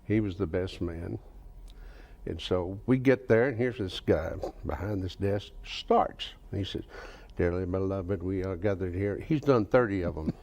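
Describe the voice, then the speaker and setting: A man's voice: low voice, expressive, measured pace, vocal fry, a little mellow. A man in his fifties with a Southern US accent, a country singer telling folksy stories in a TV interview and laughing through them. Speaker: guest, country singer and author. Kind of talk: casual storytelling in a TV interview.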